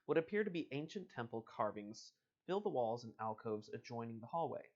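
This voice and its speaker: A man's voice: medium pitch, big pitch swings, brisk. A man reads an adventure gamebook aloud for a live audience, easy and casual, with a middle-range voice. The audio is dull and lo-fi, like a home livestream mic. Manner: casual, chuckling, playful asides. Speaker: host and reader.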